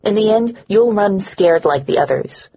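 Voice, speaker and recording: A woman's voice: mid-range voice, lively intonation, moderate pace, vocal fry, mellow, slightly rough, highs cut off. A woman doing a scornful, bitter young woman. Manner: sneering, scornful.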